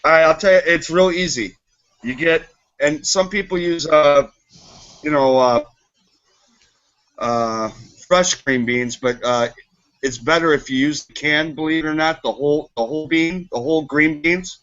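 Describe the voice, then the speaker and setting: Guy with a kinda high voice walking through a recipe step by step, dull lo-fi sound. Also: measured pace, a bit bright. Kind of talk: casual chat.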